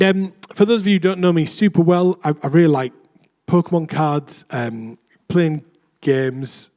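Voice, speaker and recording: A man's voice: on the high side, a little mellow. A young adult man, a vicar, preaching a chatty, self-deprecating sermon in a church.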